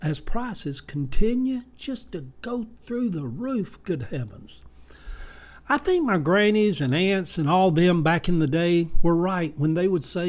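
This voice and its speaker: A man's voice: sits high, expressive, slow, a little mellow. Folksy older man, rambling. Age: 70s. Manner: rambling, folksy storytelling with many fillers. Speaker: vlogger. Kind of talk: casual monologue.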